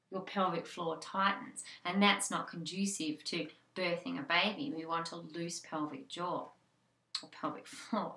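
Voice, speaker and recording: An Australian woman, a childbirth educator, gives an informal talk full of fillers and restarts. Her voice is fairly low with a sharp tone, and the room is echoey. She keeps it conversational.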